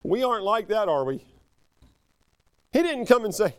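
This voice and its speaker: A man preaching a sermon, emphatic and animated, often breaking off and restarting his sentences. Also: high voice, normal speed, pauses often. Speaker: pastor.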